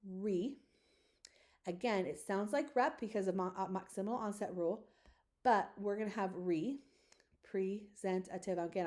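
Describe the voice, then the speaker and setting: A woman giving a recorded webinar lecture to teachers, patiently modeling classroom talk and stretching out words slowly. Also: mid-range voice, a little mellow. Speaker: teacher trainer.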